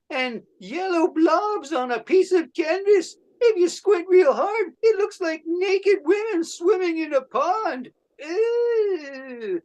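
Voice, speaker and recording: A man plays a giddy, leering painter showing off his work. The voice is shrill and sing-song, far above his usual register, delivered slowly over a video call. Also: darkish tone, exaggerated voice. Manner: squeaky, smug, sing-song.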